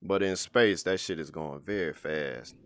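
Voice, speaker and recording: A man giving casual, excitable commentary while playing a VR game, slangy and swearing freely. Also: low voice, unhurried. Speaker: VR gaming video host. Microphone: VR headset setup.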